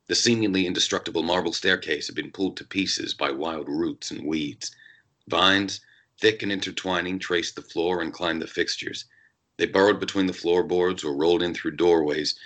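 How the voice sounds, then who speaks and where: A man reading as a jaded, hard-drinking male noir detective in an American accent, in measured, brooding first-person narration. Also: low voice, a bit bright.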